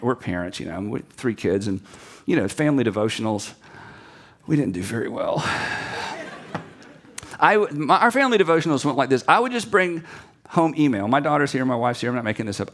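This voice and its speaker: A man preaching to a seminary audience, his voice rising and falling widely as he moves from story to story. He sits a little higher than most men and acts out every quoted line before sinking to a near-hush on the key point. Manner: animated storyteller who acts out quotes and drops to quiet emphasis. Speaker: pastor. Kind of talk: sermon-style talk to seminary students.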